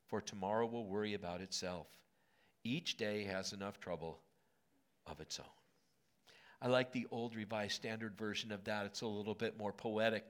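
A male pastor preaching a sermon in a church auditorium, moving from hushed lines to emphatic ones. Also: medium pitch.

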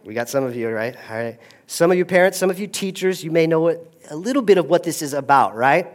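Dynamic preaching man, fairly high voice. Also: expressive, fast, hardly any pauses. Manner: dynamic, swings from hushed to loud. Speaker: pastor. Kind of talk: sermon.

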